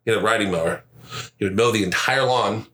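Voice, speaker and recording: Male co-host, animated and laughing, bright voice, echoey room. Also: lowish voice, fast talker. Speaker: podcast co-host. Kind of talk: casual chat.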